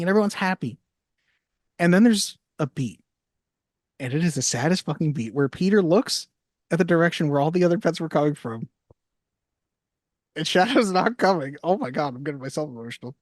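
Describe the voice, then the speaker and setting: A podcast co-host recapping a film in a casual, animated chat, swearing often. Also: medium pitch, fairly quick, long pauses, dry recording, studio quality.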